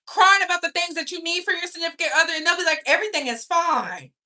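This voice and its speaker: Sassy, bright-voiced woman gossip host. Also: very high voice, rapid-fire. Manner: sassy, animated, talks straight to viewers. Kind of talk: casual gossip commentary to a live chat.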